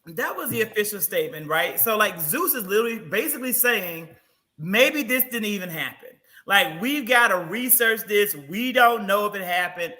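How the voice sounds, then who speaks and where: A man guest-hosting a casual chat show, animated and teasing in quick banter. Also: high-pitched. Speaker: guest host.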